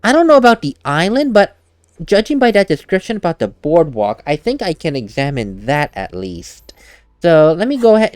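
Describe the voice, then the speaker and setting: A man's voice: a little high, big pitch swings, moderate pace, dry recording, clean studio sound. A man giving casual gameplay commentary as a let's play host, chatty and laughing at himself, at a desk mic at home.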